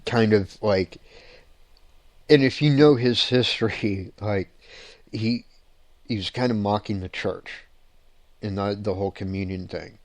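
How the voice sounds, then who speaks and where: A low-pitched man hosts his own paranormal show and recounts ghost hunts in an animated, rambling way. He laughs often and restarts his sentences. The recording is dry and close. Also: measured pace, long pauses, no echo. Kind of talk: casual storytelling on a show.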